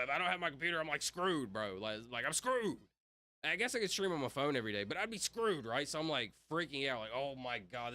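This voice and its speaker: A fairly high, sharp-toned male voice belongs to a young guy chatting on a home livestream. His talk wanders, heavy with fillers and a constant stream of "like" and "bro."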